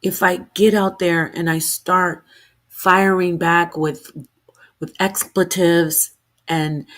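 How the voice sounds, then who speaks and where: Speaking off the cuff to her livestream viewers, a streamer with a somewhat low voice launches into a rant. She comes across heated and defensive, wandering from one point to the next and restarting sentences along the way.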